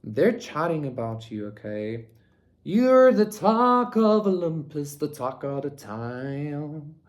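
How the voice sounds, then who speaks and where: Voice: medium pitch, big pitch swings, slow. A tarot reader giving a casual pick-a-card reading, rambling with lots of "like" and tagging lines with "okay?", swearing freely.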